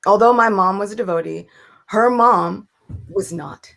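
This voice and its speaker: Animated woman telling a personal story. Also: mid-range voice, unhurried, gravelly. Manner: animated storyteller, acts out quoted voices. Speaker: guest speaker. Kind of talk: casual spiritual talk, storytelling.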